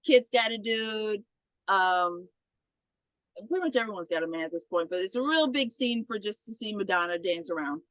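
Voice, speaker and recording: A woman's voice: mid-range voice, moderate pace, dry recording, poor audio. A young woman co-hosting a podcast, retelling a movie in casual chat and acting out the characters' lines. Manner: animated retelling, acts out characters' lines, frequent "like". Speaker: podcast co-host.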